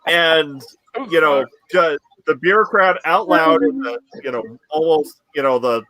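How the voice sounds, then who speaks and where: A man narrating as game master in a tabletop game, halting often and restarting his sentences. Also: on the high side, sharp tone. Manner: halting, many fillers and restarts.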